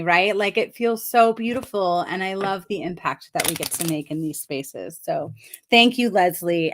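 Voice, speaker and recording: Speaking at a medium pitch with slight background noise, a woman conducts a live card reading as a numerology coach. Her tone is gentle, encouraging and thoughtful, and she frequently checks in with whoever she's reading for.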